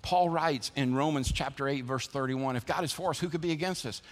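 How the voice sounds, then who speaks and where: A man's voice: mid-range voice, brisk. A man preaching a sermon in a church, drawing in his listeners with rhetorical questions and call-and-response. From American South. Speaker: pastor. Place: church building. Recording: church sanctuary with long reverb.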